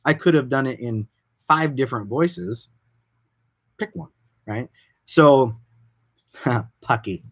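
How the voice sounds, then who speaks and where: Casual guy talking shop about voiceover work, loose and rambly, mid-pitched. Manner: informal, animated, loose and rambling. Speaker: director of production. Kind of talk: casual explanatory talk.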